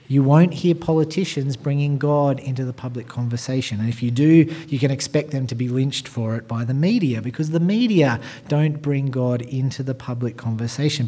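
A male pastor delivering a sermon at a medium pitch. He speaks straight to his listeners with rhetorical questions and swings from hushed asides to loud, emphatic stretches. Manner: emphatic, builds from quiet asides to loud, raised passages; addresses the congregation directly with rhetorical questions.

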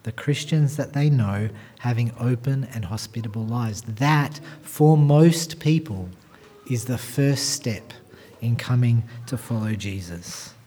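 A male pastor delivering a sermon at a medium pitch. He speaks straight to his listeners with rhetorical questions and swings from hushed asides to loud, emphatic stretches. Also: slow. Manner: emphatic, builds from quiet asides to loud, raised passages; addresses the congregation directly with rhetorical questions.

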